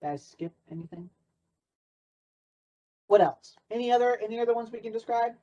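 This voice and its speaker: A man's voice: extremely high pitch, moderate pace, warm tone. A man presenting an interactive workshop in a playful, sarcastic way. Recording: dull lo-fi recording.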